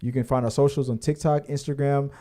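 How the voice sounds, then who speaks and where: A man's voice: medium pitch, steady tone, fairly quick, dark tone. A man co-hosting a casual podcast, rambling with many fillers and restarts and the odd curse. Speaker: podcast co-host. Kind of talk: casual chat.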